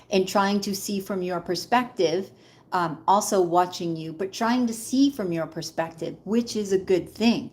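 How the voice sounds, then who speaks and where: Chatty tarot-reading woman, low voice. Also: darkish tone. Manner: chatty, addresses viewers as Queen. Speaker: tarot reader. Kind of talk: live tarot reading to viewers.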